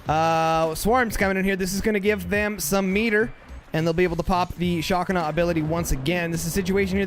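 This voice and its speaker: A man commentates a strategy game live in an excitable play-by-play style. His voice sits on the high side and he often repeats his short calls. Faint music plays underneath.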